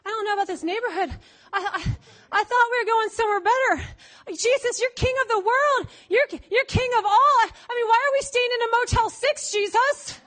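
A woman's voice: extremely high pitch, fairly quick, fairly bright tone, voice pushed up. A woman preacher acting out an overeager male would-be disciple who gushes breathlessly and turns whiny when things disappoint him.

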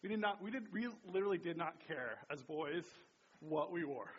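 A man's voice: a little high, animated, moderate pace. A man preaching a sermon and praying aloud, chatty and casual, often checking in with "right?" and "you know". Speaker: pastor. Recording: dull lo-fi sound.

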